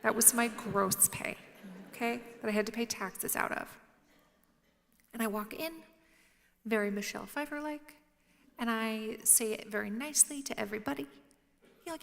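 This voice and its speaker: Her voice is on the high side, fairly bright and creaky, and she takes her time, leaving long pauses. The featured speaker shares self-mocking, humorous stories on a lecture-hall stage, whispering quotes; the recording has roomy reverb and a little hiss or hum.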